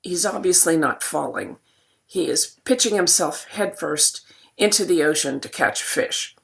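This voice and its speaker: In a recorded poetry lecture, a woman teacher is losing her voice and keeps clearing her throat. Her voice sits low with lively intonation, and she reads the verse slowly and deliberately.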